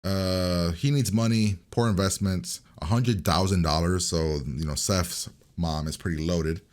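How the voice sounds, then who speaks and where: A man's voice: low-pitched, steady tone, measured pace, darkish tone. A man casually recapping a TV episode in a rambling, chatty way, with lots of fillers and restarts. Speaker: reaction video host.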